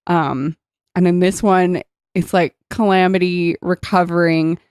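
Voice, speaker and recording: A woman's voice: on the low side, fairly even intonation, measured pace, darkish tone, clear, resonant tone, dry recording, studio quality. A woman co-hosting a podcast, chatting animatedly about a book, laughing often and acting out the characters' lines. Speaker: podcast co-host. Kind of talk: casual book-discussion chat.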